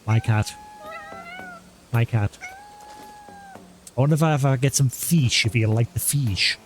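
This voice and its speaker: A man's voice: mid-range voice, unhurried, faint music behind. A man streaming a video game live, chatting casually and coaxing an in-game cat with a playful voice. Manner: chatty, talks to in-game cat, baby-talk and meowing. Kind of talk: live gameplay commentary.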